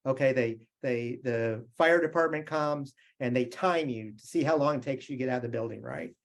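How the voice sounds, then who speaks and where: Talking a little fast with few pauses, this middle-aged American keynote speaker has a mid-range voice. His motivational talk mixes conversational storytelling with questions aimed at the audience.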